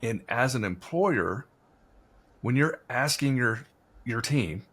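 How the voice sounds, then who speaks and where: Man, casual podcast talker, husky voice, meandering storyteller. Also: mid-range voice, animated, slow pace, long pauses, a bit bright. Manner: rambling storyteller, many fillers. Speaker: podcast conversation partner. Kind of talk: casual conversation.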